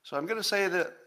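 A man in his sixties hosting a solo commentary show, talking in an emphatic, sarcastic and profane way and repeating points slowly for emphasis. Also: sits high, sharp tone. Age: 60s. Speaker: podcast host.

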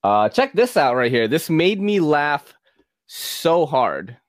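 A man's voice: on the high side, big pitch swings, takes it slowly, dry recording, clean studio sound. A man hosting a casual livestream, chatting loosely, swearing and laughing as he plays clips. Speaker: livestream host.

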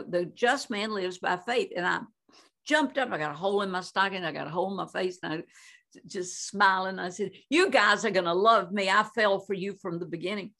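A woman's voice: medium pitch, fairly bright tone. A woman in her eighties, a Christian minister and guest, telling stories in conversation with many fillers and frequent laughs. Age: 80s. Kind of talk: animated storytelling in conversation.

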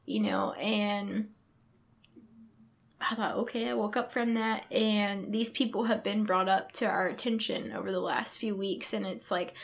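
A woman's voice: medium pitch, steady tone, measured pace, gravelly. Earnest pregnant woman sharing her testimony. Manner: earnest, reenacts her own thoughts and others' words. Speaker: podcast guest. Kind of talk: emotional personal testimony.

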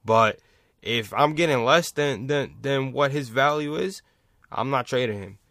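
A man's voice: mid-range voice, a little slow, fairly bright tone, no echo, studio quality. A man hosting a sports vlog, ranting casually with heavy swearing and repeating his points for emphasis. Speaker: sports commentator, vlog host.

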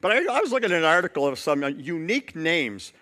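A man's voice: fairly high pitch, big pitch swings, quick pace, bright, forceful tone. A male pastor preaching a sermon, telling a story and building points through repetition.

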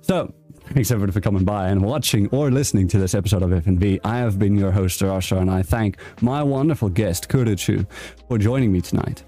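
A man's voice: on the low side, quick pace, dark tone, faint music behind. A man hosting a podcast, wrapping up a livestreamed episode with loose, rambling plugs and fillers. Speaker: podcast host. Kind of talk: casual livestream sign-off.

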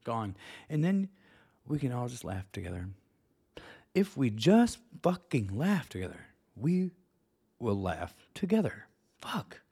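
A man hosting a solo podcast, ranting with lots of swearing and sudden high-pitched squeals. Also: sing-song, unhurried, vocal fry, long pauses, dark tone, breathy edge. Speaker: podcast host.

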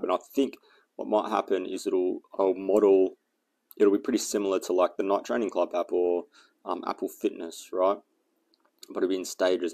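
A man with a very low, gravelly voice talks casually in a vlog, rambling through a story and his plans, stopping often for fillers. His tone is dark and mellow, and he thinks out loud as he goes. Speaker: fitness and survival vlogger.

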